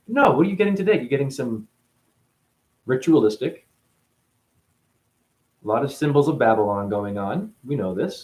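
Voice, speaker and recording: A man's voice: mid-range voice, animated, normal speed, pauses often, a little mellow, reverberant. A man hosting a spiritual talk show, rambling through a monologue full of rhetorical questions and playful asides.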